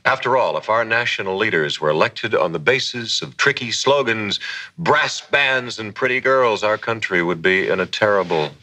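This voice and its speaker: An actor playing an earnest, upright caped crusader in a 1960s TV series, speaking in a measured, solemn way. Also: male voice, on the low side, bright, forceful tone, a little hiss or hum, low-quality recording. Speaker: actor in archive TV clip.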